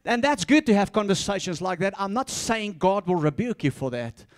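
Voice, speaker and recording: A man preaching a sermon, swinging between soft asides and loud, repeated calls, often laughing and stumbling over his words. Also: high voice, animated, moderate pace. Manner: laughs often, stumbles and restarts when fired up. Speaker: pastor.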